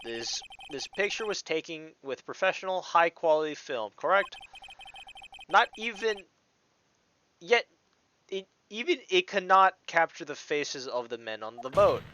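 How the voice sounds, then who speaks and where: An earnest young defense attorney, read by a man who talks himself through problems and presses his points hard. The voice is bright and animated. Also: a little high, unhurried, heavily acted. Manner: earnest, self-talking, emphatic.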